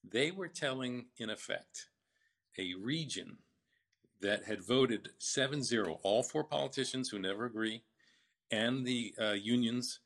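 An older man recounting his business story in a casual interview, halting with fillers and restarts. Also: mid-range voice, fairly bright tone.

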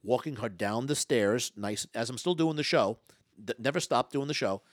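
A man, a stage hypnotist and former comedian, telling stories in an interview, talking fast and loud with lots of stammered restarts. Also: mid-range voice, dry recording, studio quality. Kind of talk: storytelling interview talk.

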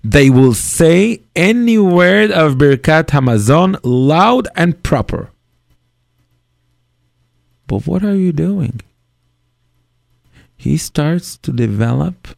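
Gravelly rabbi teaching in slow earnest English. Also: male voice, mid-range voice, a little mellow, no echo, studio quality. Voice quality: non-native English grammar. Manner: earnest, acts out parent and child in dialogue. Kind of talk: Torah lecture on parenting.

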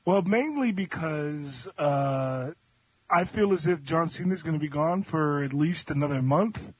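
Male panelist, husky, a bit high, confident step-by-step talker. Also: unhurried, dry recording, rough recording. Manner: confident, laying out reasoning step by step. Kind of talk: casual chat, wrestling predictions.

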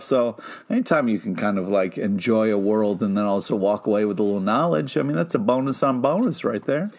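Give me an enthusiastic man with a middle-pitched voice, rambling happily on a casual podcast. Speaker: podcast co-host.

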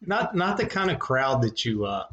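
A man's voice: medium pitch, big pitch swings, moderate pace, muffled recording, a crowd in the background. A man hosting a casual podcast, laughing easily and moving the talk to the next segment. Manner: laughs often, leads segments. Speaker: podcast host. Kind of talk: casual chat. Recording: echoey room.

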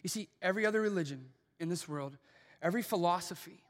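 A man preaching a sermon as pastor in a church, swinging from hushed lines to shouted peaks. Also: sits high, fast, long reverb tail. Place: church auditorium.

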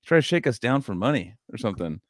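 A man's voice: medium pitch, very animated, fast, no room sound, studio quality. A man hosting a podcast, telling stories in a rambling, casual way with plenty of swearing. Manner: rambling storyteller, swears a lot. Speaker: podcast host. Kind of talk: casual chat.

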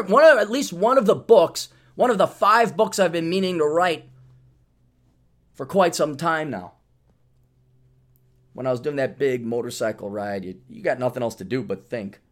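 A man hosting a podcast, telling rambling, profane stories and acting out quotes. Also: fairly high pitch. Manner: profane, animated storyteller who acts out quotes. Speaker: podcast host. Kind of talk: rambling comedic monologue.

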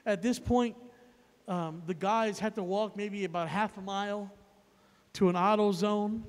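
Male evangelist with a very high voice for a man, emphatic and repetitive, and a long reverb tail. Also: fairly even intonation, a little slow. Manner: emphatic, repetitive, builds to loud peaks. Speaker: evangelist preacher. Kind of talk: sermon storytelling.

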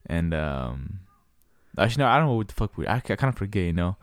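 Young dude telling stories w a buddy, slangy, kinda low voice, dry sound. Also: male voice, quick pace, dry recording. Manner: slangy storytelling, animated impressions. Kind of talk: casual chat.

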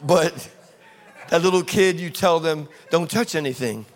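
A man preaching a sermon, telling a lively story and acting out the people in it. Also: a little high, unhurried. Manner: storytelling, acting out scenes with voices. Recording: long reverb of a large hall with audience.

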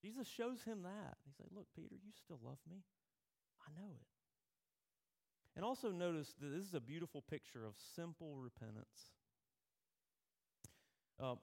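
A man's voice: mid-range voice, darkish tone. A male pastor preaching a sermon in a conversational way, telling personal stories.

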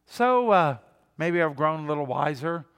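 A man's voice: fairly high pitch, animated, moderate pace, fairly bright tone, clean tone, in a large hall. An older man, a pastor, preaching a conversational sermon, asking the congregation questions and putting on mock voices. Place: church sanctuary.

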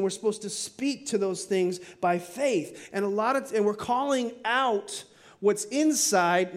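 High-voiced preaching man. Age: middle-aged. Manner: earnest, preaching with slow emphatic stretches and quick asides. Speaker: pastor. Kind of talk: sermon. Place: church sanctuary.

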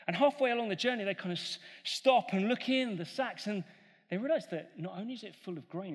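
Man, preacher, high voice, animated storytelling, sermon, long echoing hall. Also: slightly rough. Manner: animated, acts out the characters' voices.

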